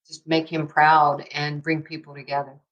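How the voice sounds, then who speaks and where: A woman, telling a story as a guest in an interview, emphatic and excitable and laughing through her words. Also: low-pitched, moderate pace, highs cut off. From New York. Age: 60s. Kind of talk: animated storytelling in a podcast interview.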